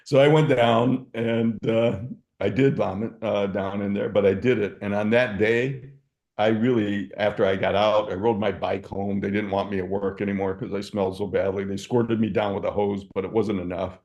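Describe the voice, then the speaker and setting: A man's voice: lowish voice, fairly even intonation, normal speed, darkish tone. An older man from Michigan, a guest in an interview, telling reflective stories with frequent fillers. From Michigan, USA. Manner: reflective, anecdotal, with verbal fillers. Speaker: guest, entrepreneur. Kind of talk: storytelling interview.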